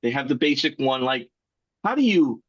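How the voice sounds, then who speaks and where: A man asking the presenter a question during a live workshop, halting and repeating words as he goes. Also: medium pitch, sing-song, dry recording. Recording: dull, dry sound.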